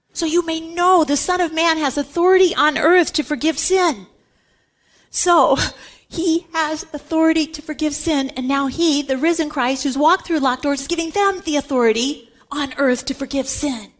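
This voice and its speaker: A woman's voice: sits high, normal speed. A woman giving a Catholic Bible teaching talk, emphatic and repeating words for stress.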